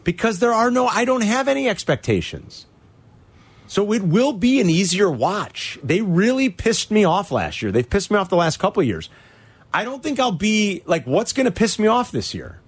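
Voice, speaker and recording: A man hosting a sports talk radio show, an animated fan who rants about his teams. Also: high voice, moderate pace, breathy edge, dry recording.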